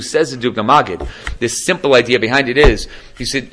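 A man giving a Torah class as a rabbi, telling stories with animated asides. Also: medium pitch. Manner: animated storytelling, quick asides. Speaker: rabbi lecturer.

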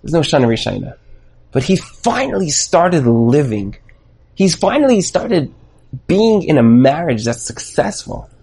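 A man's voice: on the high side, big pitch swings, measured pace, vocal fry, warm tone, slightly rough. A man teaching a Torah class in an emphatic preaching style, full of rhetorical questions. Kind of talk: sermon.

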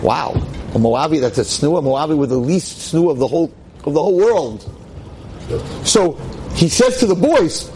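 A man teaching a lively class to a seated audience as a rabbi, emphatic and exclamatory. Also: normal speed, a little hiss or hum, low-quality recording. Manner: emphatic, exclamatory, with sudden swings in pitch.

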